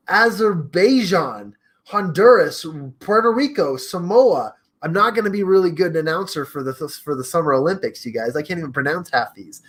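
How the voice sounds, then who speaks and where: A man's voice: high-pitched, a bit bright. Chatty male podcast host. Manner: chatty, stumbles over names, laughs at himself. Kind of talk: casual solo talk to listeners.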